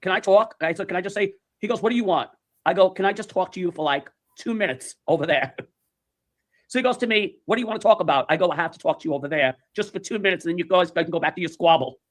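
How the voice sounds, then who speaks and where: A man's voice: sits high, quick pace. A man telling a story in casual chat, animatedly acting out the voices of the people in it. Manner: animated, acts out quoted voices.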